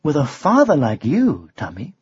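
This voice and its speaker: A man voicing a gentle, affectionate young wife in a storybook, speaking softly in his own voice. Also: fairly high pitch, huge pitch swings, moderate pace, slightly rough, no echo, lo-fi sound, heavily acted. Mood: tender.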